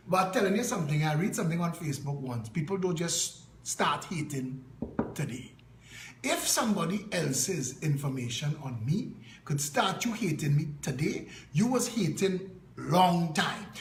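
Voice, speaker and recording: In a rough, reverberant recording with some hiss or hum, a high-voiced Trinidadian man speaks as a political party leader. His passionate speech relies on emphatic storytelling and punchy repetition.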